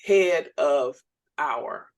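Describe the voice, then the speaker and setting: Woman co-host telling lively stories. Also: low-pitched, drawn-out words. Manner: storytelling with laughs, animated quoted voices. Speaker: podcast co-host. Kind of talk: casual faith chat.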